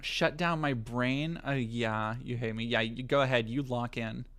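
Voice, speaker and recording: A man's voice: medium pitch, unhurried, fairly bright tone. A man streaming live, chatting casually, joking and swearing as he rambles.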